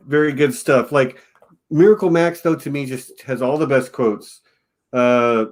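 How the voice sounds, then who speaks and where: A man's voice: medium pitch, unhurried, darkish tone. Man from Texas, enthusiastic podcast co-host. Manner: enthusiastic, quotes lines, laughs often. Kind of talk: casual film review chat.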